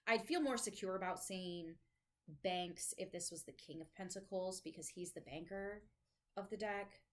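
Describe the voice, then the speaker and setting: Poor audio captures a woman with a lowish voice reading tarot to camera at a moderate pace. She's at home with her dogs nearby, keeping things chatty and casual, thinking out loud and dropping the odd swear.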